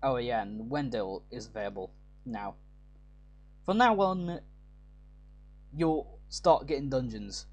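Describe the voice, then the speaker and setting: A man's voice: medium pitch, expressive, slow, long pauses. Let's play host, man, loose rambling commentary, fixes his words as he goes. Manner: rambling, self-correcting. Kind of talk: casual gameplay commentary.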